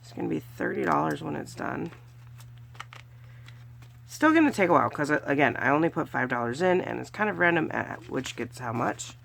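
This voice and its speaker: A woman's voice: sits low, very animated, fairly quick, vocal fry, a bit bright, slight background noise. A woman from California narrating her budgeting video casually, chatty and counting money aloud with small cheers. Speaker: budgeting vlogger. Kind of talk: casual narration while doing cash challenges.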